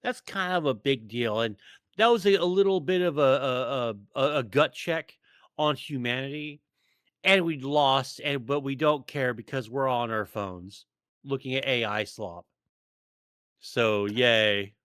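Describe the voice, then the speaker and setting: A man's voice: medium pitch, a little slow, fairly bright tone, clean tone, no echo, clean studio sound. A man co-hosting a casual podcast, ranting sarcastically with lots of stammers and restarts. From United States. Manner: rambling, stammering, sarcastic rant. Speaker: podcast co-host. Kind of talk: casual chat.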